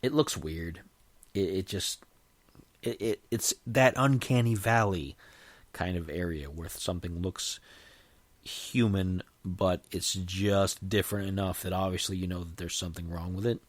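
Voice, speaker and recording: Man, deep voice, casual solo podcast host, rambling, dry close sound. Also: measured pace, no room sound. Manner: rambling, conversational, frequent restarts.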